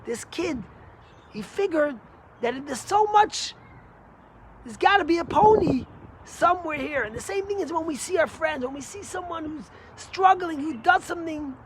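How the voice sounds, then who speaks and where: A man, a rabbi, giving a short Torah lesson through stories, animated and emphatic with big swings in pitch and loudness. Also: moderate pace, slight background noise. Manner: energetic, emphatic.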